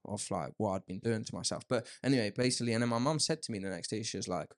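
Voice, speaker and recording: Fast-talking young man, rambling. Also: on the low side, creaky. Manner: rambling, candid, peppered with "mate". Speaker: podcast host. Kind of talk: casual podcast chat.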